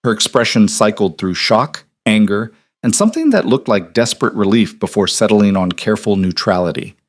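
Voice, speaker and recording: Low-voiced male story narrator. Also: lively intonation, fairly quick, no room sound, studio quality.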